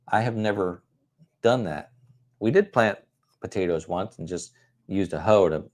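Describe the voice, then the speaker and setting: A middle-aged man hosting a casual livestream, rambling and chuckling as he answers viewer comments with self-deprecating humor. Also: fairly low pitch. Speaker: livestream host.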